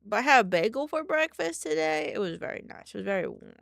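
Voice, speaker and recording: A woman's voice: mid-range voice, big pitch swings, quick pace, gravelly, fairly bright tone, no echo, studio quality. A young adult woman streaming, chatting loosely with her viewers and swearing casually as she reads chat aloud.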